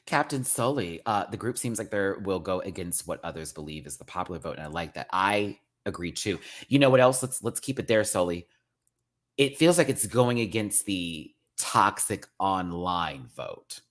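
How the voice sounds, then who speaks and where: A man with a low voice talks through a casual rant review of a TV show. He is sassy and expressive and slips drag slang into every thought. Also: normal speed.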